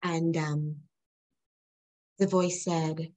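A woman's voice: deep voice, level tone, drawn-out words, mellow, poor audio. Earnest woman telling her story. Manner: earnest, reflective, laughs now and then. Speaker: guest. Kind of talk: personal storytelling in an interview.

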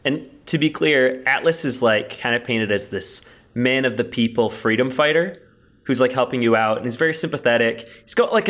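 A man with a middle-pitched, everyday voice trades jokes in relaxed podcast conversation. He sounds playful and quick to laugh. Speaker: podcast co-host. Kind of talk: casual gaming podcast chat.

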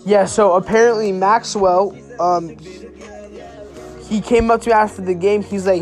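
A young man with a high-pitched voice rambles through a story, cursing freely and trailing off into fillers. Music plays clearly behind him. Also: steady tone, normal speed. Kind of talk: casual storytelling.

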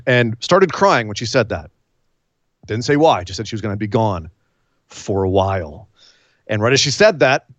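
A man's voice: medium pitch, no echo, highs cut off. A man co-hosting a podcast remotely, animatedly retelling events and acting out quotes in casual chat. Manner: animated storyteller, acts out quotes. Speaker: podcast co-host. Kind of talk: casual wrestling recap chat. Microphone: remote call mic.

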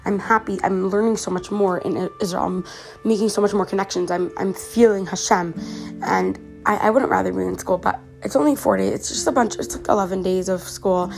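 A teenage girl from Canada talks through her own podcast in an earnest, chatty way, tripping over her words and restarting often. She is a little sick, and soft music plays faintly behind her. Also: medium pitch, a little fast, creaky. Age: teens. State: slightly sick. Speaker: podcast host. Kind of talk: casual personal podcast monologue.

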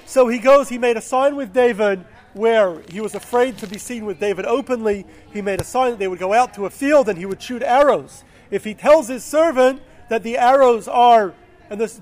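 A man casually retelling a Bible story, with fillers and self-corrections. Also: extremely high pitch.

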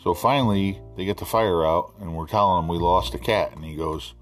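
A middle-aged man hosting a podcast, telling animated, profane stories in a casual way. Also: sits low, fairly quick, faint music behind. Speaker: podcast host. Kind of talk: casual storytelling.

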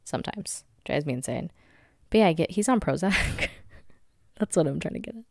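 A young woman in her twenties chats through her own podcast from home. Her voice sits low and gravelly, with a dry, close sound. She talks candidly, swears freely and laughs often. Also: expressive, moderate pace, no echo. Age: 20s. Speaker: podcast host. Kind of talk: casual solo podcast chat.

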